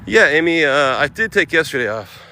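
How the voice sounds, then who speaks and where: A man's voice: on the high side, big pitch swings, moderate pace, pushed and bright. A man casually live-streaming while walking, thinking aloud about travel plans and thanking viewers by name. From United States. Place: outdoors on windy city streets. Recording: outdoor street noise. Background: wind and passing traffic.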